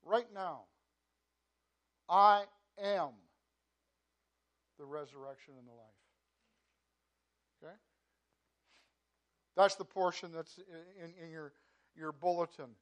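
High-voiced man preaching. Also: slow, pauses often. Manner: conversational, repeats words, frequent "you know"; swings between loud emphasis and quiet asides. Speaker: pastor. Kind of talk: sermon.

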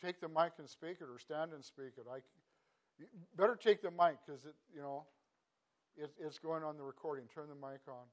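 A man preaching a devotional sermon in an earnest, halting way, stopping and restarting often, then rising into emphatic bursts. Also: fairly high pitch. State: choked up. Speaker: pastor.

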